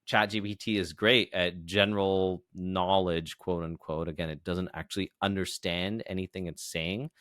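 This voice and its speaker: A man's voice: low voice, steady tone, moderate pace, hardly any pauses, a bit bright, dry recording, studio quality. A man co-hosting a podcast, explaining ideas patiently in a casual chat, often checking in with "right?" and "you know". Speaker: podcast co-host.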